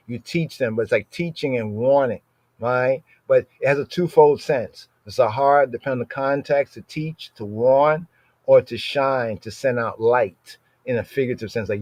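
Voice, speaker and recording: A man on a podcast teaching a Bible passage in a casual, conversational way. He checks in with "right?" after almost every phrase and slows down when he reads the verses aloud. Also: mid-range voice, a little mellow, no room sound. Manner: conversational, frequent "right?" tag questions.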